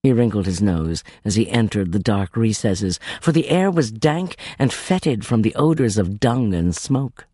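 A man narrating a scripted story in an expressive, measured way. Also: lowish voice, breathy edge, no echo, studio quality.

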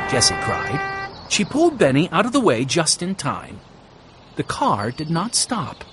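A man reading a children's storybook aloud with an expressive, sing-song delivery. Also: a little high, measured pace, slightly rough. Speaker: narrator.

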